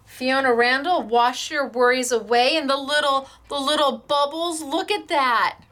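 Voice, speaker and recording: A woman hosting a craft show, excitedly showing off viewers' samples, gushing and stammering as she talks. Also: high voice, measured pace.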